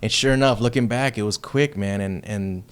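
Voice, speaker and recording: A man from Texas, a heavy metal band member, telling a story as a podcast guest in a loose, profane and excitable way. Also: lowish voice, moderate pace, smooth. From Texas, United States. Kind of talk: casual storytelling chat.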